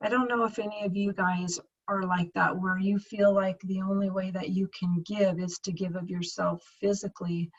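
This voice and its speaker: A woman's voice: medium pitch, flat delivery, moderate pace, few pauses, dull audio. A woman in her fifties giving a heartfelt coaching talk to her team, earnest and close to tears, repeating herself as she speaks. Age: 50s. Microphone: screen-share video recording.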